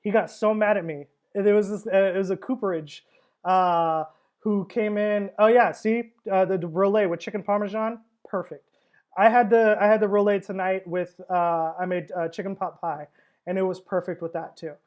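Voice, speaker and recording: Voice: mid-range voice, steady tone, moderate pace, a little mellow. A wine seller hosting a casual livestream tasting, talking in a chatty, rambling way with frequent fillers and laughs.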